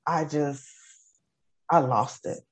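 A woman's voice: low-pitched, steady tone, slow pace, breathy edge. A woman in her forties, an educator, giving an emotional personal testimony in an earnest, repetitive storytelling way. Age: 40s. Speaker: guest, educator.

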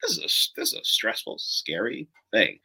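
Animated, bright-voiced man laughing a lot. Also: fairly low pitch, normal speed, creaky, breathy edge. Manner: animated and laughing, many fillers. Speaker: comic writer guest. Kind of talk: casual conversation.

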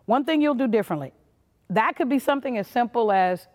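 Animated and a little fast, this woman's slightly high, slightly mellow voice fills a big room. As a motivational conference speaker she delivers a punchy, emphatic leadership talk and acts out small quoted voices.

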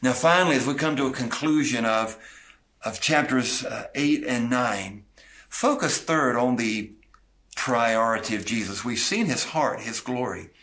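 Male pastor, earnest expository preacher, bright voice, middle pitch, occasional restarts. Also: measured pace. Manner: earnest preaching, paraphrases scripture with asides and small restarts. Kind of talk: expository sermon.

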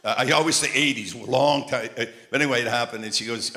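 With a mid-range voice, the older male preacher from Montreal moves fast and hardly ever pauses. His sermon is full of funny stories and swells into loud, emphatic moments.

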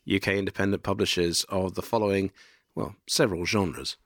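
A man co-hosting a book podcast, sounding deeper and throaty from a virus, talking with hesitant restarts. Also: steady tone, brisk, dry recording, clean studio sound. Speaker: podcast co-host and publisher. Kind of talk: casual podcast chat.

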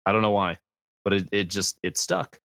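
A man, a guest streamer on a gaming podcast, telling animated stories and acting out quotes. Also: lowish voice, normal speed, creaky, no room sound. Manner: animated storyteller, acts out quotes. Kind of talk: podcast conversation.

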